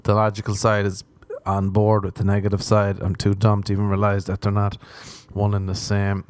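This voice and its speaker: A man's voice: fairly low pitch, completely flat delivery, normal speed, a little mellow, no room sound. A man hosting a podcast, rambling through comic stories about himself and laughing often. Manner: rambling, self-mocking storyteller who laughs often. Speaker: podcast host. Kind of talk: comedic podcast monologue.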